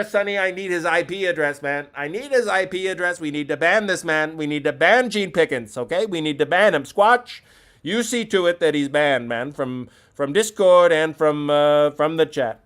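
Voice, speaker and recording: Male call-in host, profane, ranting, mock-indignant, voice sits a touch high. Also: a bit bright. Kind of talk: comedic call-in banter.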